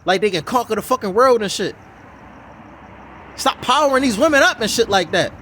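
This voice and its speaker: High-voiced man ranting angrily. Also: expressive, brisk, pushed and bright, a little hiss or hum. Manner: heated, swearing, mocking, indignant. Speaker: commentator reacting to a video. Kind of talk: profane ranting reaction commentary.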